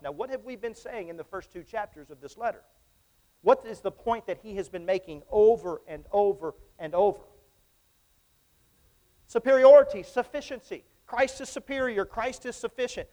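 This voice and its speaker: A man preaching a sermon to his congregation in church, emphatic and repetitive, often asking them questions. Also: high voice. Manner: emphatic, repeats phrases, asks the congregation questions.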